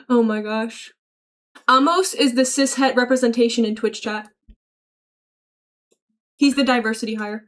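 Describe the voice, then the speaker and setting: Unhurried and a little high, a woman's voice drifts through long pauses as she reads her livestream chat. She keeps it chatty and casual, reacting aloud to messages, laughing often and cursing freely.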